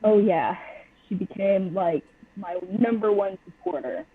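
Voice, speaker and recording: A woman's voice: mid-range voice, unhurried. A young woman speaking bluntly and openly as a guest on a personal interview podcast. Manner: blunt and open. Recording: tinny phone-line audio.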